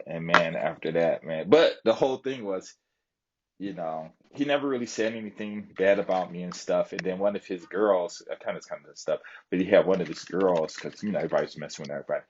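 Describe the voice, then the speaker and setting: Deep raspy guy rambling thru a story on stream, muffled lo-fi audio. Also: brisk, background noise. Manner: rambling, many fillers and asides. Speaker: live streamer. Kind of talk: casual storytelling chat.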